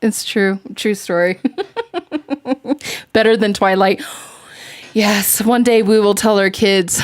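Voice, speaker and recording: A woman's voice: medium pitch, sing-song, drawn-out words, long pauses. A woman hosting a podcast in casual chat, giggling often and rambling as she talks. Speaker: podcast host.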